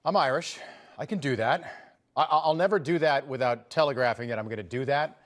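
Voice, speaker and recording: A man's voice: medium pitch, brisk. A man hosting a political commentary show, talking in a conversational, emphatic way with sarcastic asides.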